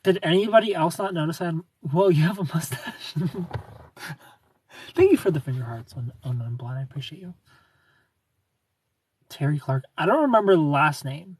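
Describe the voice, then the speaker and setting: A man from Ohio hosting a casual livestream, reading viewer comments aloud in a soft, low-key way and slipping into quiet asides. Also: lively intonation, moderate pace, pauses often, breathy edge, dry recording. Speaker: livestream host.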